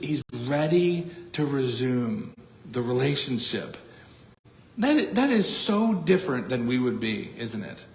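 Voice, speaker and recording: Earnest pastor in an echoey sanctuary. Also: male voice, on the high side. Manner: earnest, repeats words as he thinks aloud. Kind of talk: expository sermon. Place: church sanctuary. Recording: echoey church room.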